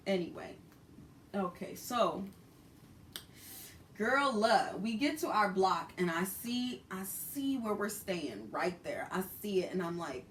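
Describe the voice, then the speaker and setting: Brooklyn woman, animated profane storyteller; distant mic, light hum. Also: medium pitch, moderate pace. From Brooklyn, New York. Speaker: vlogger. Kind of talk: storytime vlog.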